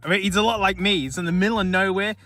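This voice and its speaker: An Australian man chatting casually outdoors in remote bushland, rambling excitedly and joking with the things he finds. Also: high voice, very fast, faint music behind. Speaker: YouTube host. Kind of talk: casual vlog commentary.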